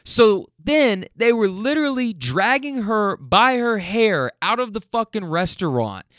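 Unhurried and high-voiced, a man shares wild tales from serving at a restaurant while riding home in a car. He tells them casually, animated, blunt and profane, laughing along at himself. The audio has no echo and is studio quality.

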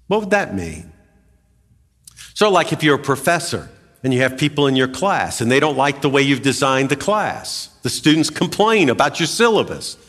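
A man preaching a sermon as a pastor, emphatic and animated, with dramatic swings in pitch. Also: moderate pace. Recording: long hall reverb.

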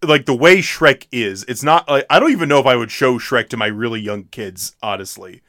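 A man's voice: mid-range voice, fairly quick, a bit bright, no room sound, clean studio sound. A young man co-hosting a podcast, rambling casually and leaning on filler words. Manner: rambling, heavy use of "like". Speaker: podcast co-host. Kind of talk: casual chat.

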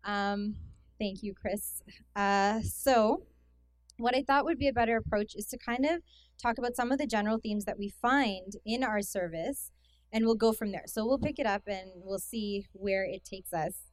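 Young Canadian woman, relaxed conference speaker, chatty and self-deprecating, dry close mic. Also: medium pitch, normal speed, no echo. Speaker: guest speaker. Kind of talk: casual talk to a youth conference. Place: hall with an audience.

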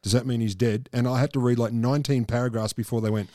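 A quick-talking man who co-hosts a comedy podcast and drops teasing, deadpan asides. His voice is at a middle pitch, recorded close and dry. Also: no room sound. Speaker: podcast co-host. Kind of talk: casual comedic chat.

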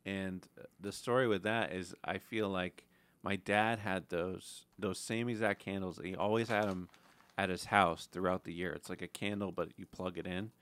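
A man's voice: sits low, fairly even intonation, normal speed, fairly bright tone. A man co-hosting a podcast in casual chat, hesitant and a little defensive as he tells his stories. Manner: hesitant, defensive, laughs easily. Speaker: podcast co-host.

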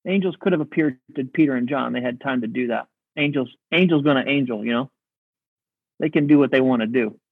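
Male pastor, sermon, husky tone, dry close sound. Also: mid-range voice, no echo. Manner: earnest, reflective, slows for emphasis. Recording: dry, phone-like narrow sound.

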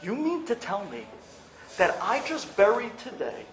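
A man playing a distraught grown son who is exasperated and bursts into shouts. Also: high voice, huge pitch swings, measured pace, heavily acted. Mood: outraged. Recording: roomy echo with faint ambience.

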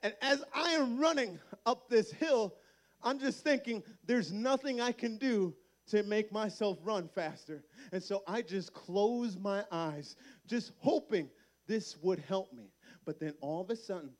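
High-voiced, animated young man preaching. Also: measured pace. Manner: animated storyteller acting out the people in his story; drops to a soft, earnest tone for the closing appeal. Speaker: camp speaker. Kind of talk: sermon-style storytelling to students. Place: large room with an audience.

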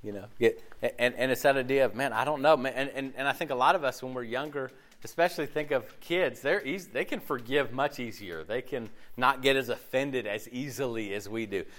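A man leading a sermon discussion, animated, laughing often and acting out little voices as he talks. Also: mid-range voice, brisk, few pauses. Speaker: pastor.

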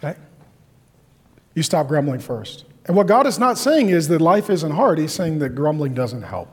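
A man preaching a sermon in a lively, joking way, acting out complaining voices. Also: on the high side, brisk. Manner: animated, jokey, acts out complaining voices. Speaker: pastor.

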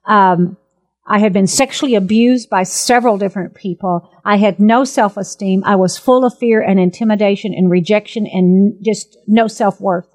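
A woman in her fifties, a minister, telling her testimony in an earnest, emphatic and animated way. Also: mid-range voice, normal speed. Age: 50s. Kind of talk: personal testimony talk.

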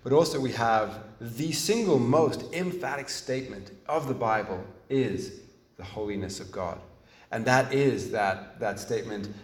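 Male preacher, earnest and emphatic, heard from a distance in an echoey room. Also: medium pitch. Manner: earnest, emphatic, with frequent restarts and pauses. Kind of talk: sermon.

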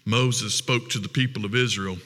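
A man preaching a sermon as pastor, with earnest, emphatic, drawn-out phrasing. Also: on the low side, fairly even intonation, pushed and bright, long reverb tail.

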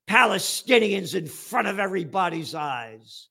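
An older man from the Bronx, hosting a news commentary show in a profane, combative manner that breaks into shouting. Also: high-pitched, very animated, moderate pace, vocal fry, hardly any pauses, slightly rough. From the Bronx, New York. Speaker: host of a trends news show.

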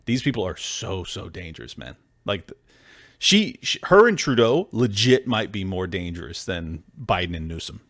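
A man's voice: low-pitched, big pitch swings, moderate pace, a bit bright, no room sound, clean studio sound. A man hosting a podcast, giving blunt, incredulous political commentary in a casual, slangy way. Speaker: podcast host.

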